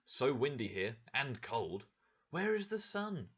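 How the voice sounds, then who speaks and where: A man's voice: mid-range voice, sing-song, slow, a bit bright, breathy edge, lo-fi sound, exaggerated voice. A man voicing a puzzled, thoughtful young woman in a storybook reading. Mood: musing. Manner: wondering, thoughtful.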